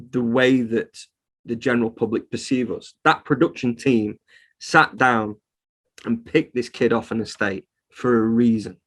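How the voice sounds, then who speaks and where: A man who runs a reptile shop, talking heatedly in a casual podcast interview, swearing freely as he rants. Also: mid-range voice. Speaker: reptile shop owner, guest.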